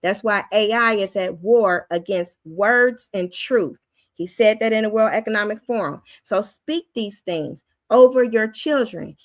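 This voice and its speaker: A woman with a high, youthful-sounding voice giving an informal spoken teaching on faith, preacherly and often acting out the voices she quotes. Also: a little slow, no echo.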